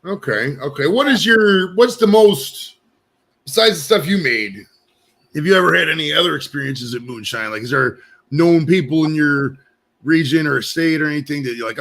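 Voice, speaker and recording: A man co-hosting a casual chat, telling stories quickly and calling his friend "bro". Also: fairly high pitch, lively intonation, fairly bright tone. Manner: quick storyteller, says "bro" often.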